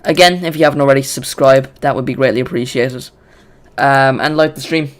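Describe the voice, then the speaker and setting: A man hosting a live football watch-along, chatty and excitable, often restarting his sentences. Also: mid-range voice, brisk.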